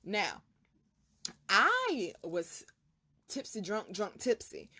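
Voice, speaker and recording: Animated, profane young woman storyteller. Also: mid-range voice, moderate pace. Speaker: vlog host, spiritual reader. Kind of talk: casual storytelling.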